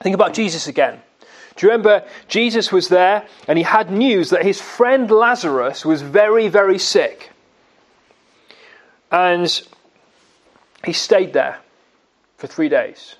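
A man preaching a sermon, asking his listeners questions and answering them himself, and slowing down to stress key words. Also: sits high, expressive. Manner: slow, emphatic delivery on key words.

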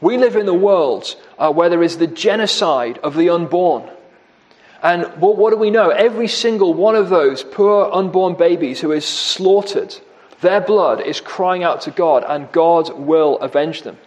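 Slow, grave male preacher. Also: high-pitched. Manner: slow, grave, emphatic, repeating key words. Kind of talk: sermon.

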